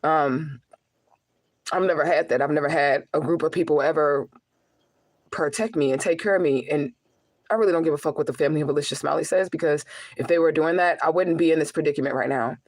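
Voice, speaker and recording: A woman's voice: low-pitched, fairly quick, a little mellow, low-quality recording. A young woman talks to her followers in an emotional personal vlog. Her voice is close to tears, and she speaks in a raw, profane way, circling back to the same phrases again and again as she pleads with her viewers.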